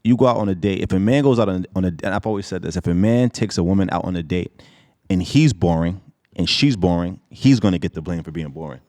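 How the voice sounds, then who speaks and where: A man's voice: low voice, quick pace, warm tone, no echo, studio quality. A man co-hosting a casual discussion, making his case assertively with rhetorical questions.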